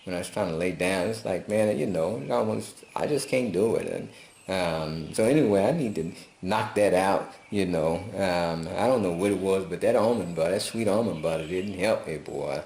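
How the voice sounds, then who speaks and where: A man talking in a folksy, preachy, casual vlog style, telling animated stories. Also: low voice, moderate pace. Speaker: vlogger. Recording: roomy echo.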